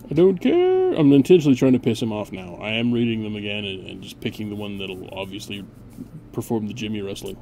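A man's voice: lowish voice, flat delivery, brisk, gravelly, darkish tone, slight background noise. A man hosting a gameplay video, chatting casually and barking mock-grand orders at his units with a sarcastic edge.

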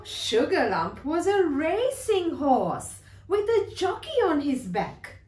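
A woman reading a rhyming picture book aloud to children in a slow, expressive, rhythmic way. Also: sits high. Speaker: storyteller. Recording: echoey room.

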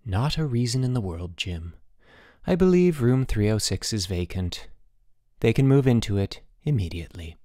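A man voicing a stern, weary headmaster who speaks slowly and with resignation. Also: on the low side, animated, dark tone, no room sound, studio quality, lightly acted. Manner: slow, measured and resigned. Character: weary, stern middle-aged male headmaster.

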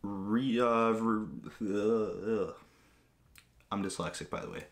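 A man's voice: lowish voice, steady tone, slow. A young man from Greece chatting casually to viewers, rambling through a story with lots of fillers. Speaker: vlogger answering viewer questions. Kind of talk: casual chat.

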